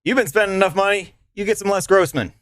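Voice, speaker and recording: A man's voice: sits high, quick pace, a bit bright, no room sound, studio quality. A young man streaming live, chatting casually to his viewers, rambling and swearing freely with frequent laughs and restarts. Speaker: livestreamer.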